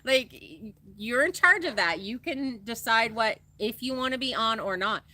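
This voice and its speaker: A woman's voice: on the high side, expressive, moderate pace, bright, forceful tone. A woman co-hosting a casual livestream, chatting animatedly, laughing easily and reading viewer comments aloud. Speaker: co-host of a farm livestream.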